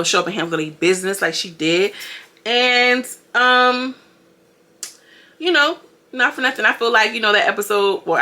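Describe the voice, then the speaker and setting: A woman giving a chatty, animated recap of a reality show and talking straight to her viewers. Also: medium pitch. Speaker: reality TV commentator. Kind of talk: casual recap commentary.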